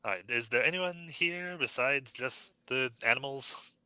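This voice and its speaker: Male player, bright forceful tone, dry close sound, earnest and halting in character. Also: medium pitch, clean tone, no echo. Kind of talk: in-character tabletop role-play.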